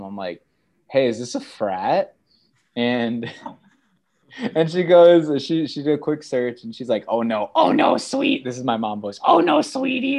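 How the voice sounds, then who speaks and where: A young man in his twenties, a student guest in a casual chat, telling stories with animated put-on voices for quotes. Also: mid-range voice. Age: 20s.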